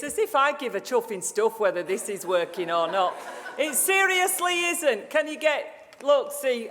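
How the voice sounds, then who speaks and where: A woman's voice: high voice, a little hiss or hum. A middle-aged woman with a Yorkshire accent giving a motivational keynote speech on sales, blunt and jokey with mild cursing. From Yorkshire, England. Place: large conference hall. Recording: reverberant conference hall.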